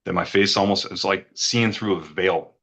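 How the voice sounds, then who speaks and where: A middle-aged man, a retreat guest giving a testimonial, earnestly recounts a personal experience, rambling and repeating words when emotion takes over. His voice sits low with a fairly bright tone and a breathy edge, at a moderate pace, on a rough recording.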